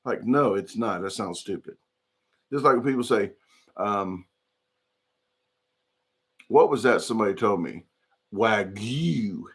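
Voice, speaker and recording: A man's voice: lowish voice, lively intonation, a little slow, long pauses, breathy edge. A man hosting a casual livestream, rambling chattily and reading chat comments aloud. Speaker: livestream host.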